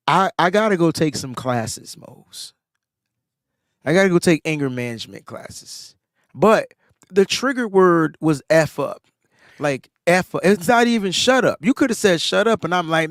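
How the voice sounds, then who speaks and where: A man, a podcast co-host, telling a sports story in casual chat, animated and rising in pitch when he gets excited, a bit under the weather. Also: a little slow, no room sound, studio quality.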